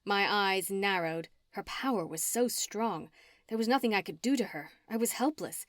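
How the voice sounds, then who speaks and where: A woman narrating a first-person audiobook with an expressive, dramatic reading. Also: medium pitch, normal speed, dry recording, clean studio sound.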